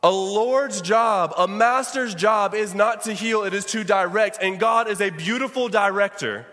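A man's voice: high-pitched, measured pace, a bit bright. A man preaching a sermon as pastor, calling out to his congregation. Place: church sanctuary. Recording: long church reverb.

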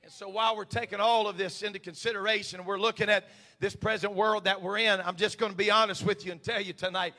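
A male pastor preaching a sermon, swinging from quiet confiding talk to shouted, impassioned preaching. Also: high voice, fairly even intonation, fast talker.

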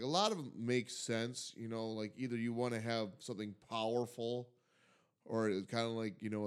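A man's voice: on the low side, darkish tone, clear, resonant tone. A man co-hosting a podcast from Michigan, rambling and joking in casual chat with many fillers. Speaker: podcast co-host.

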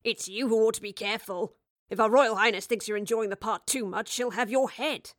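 A woman's voice: a little high, fairly quick, a bit bright, no echo, clean studio sound, close to an everyday voice. A woman voicing a scornful senior male actor in Tudor times, sneering and grumbling, in a storybook reading.

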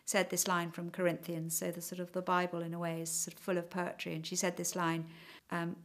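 A woman's voice: on the low side, completely flat delivery, brisk. A middle-aged woman giving a hesitant, reflective personal account in conversation, with frequent fillers. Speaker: interviewee.

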